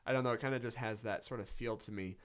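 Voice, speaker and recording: Fast-talking man in casual music chat. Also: medium pitch, fairly even intonation. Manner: fast, chatty, many restarts and fillers. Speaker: podcast co-host. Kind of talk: casual chat about albums.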